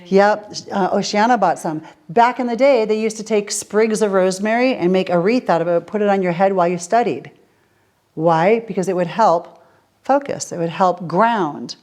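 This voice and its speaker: A woman's voice: medium pitch, moderate pace, a little mellow. A woman teaching a casual question-and-answer class, explaining with everyday examples and asking her listeners rhetorical questions. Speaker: essential oils teacher. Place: group class with students.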